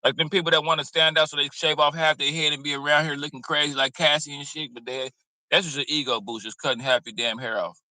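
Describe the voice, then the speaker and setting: A man's voice: mid-range voice, sharp tone, dry recording, low-quality recording. A man giving blunt, preachy, streetwise commentary in a casual reaction video, cursing freely. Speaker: commentary host.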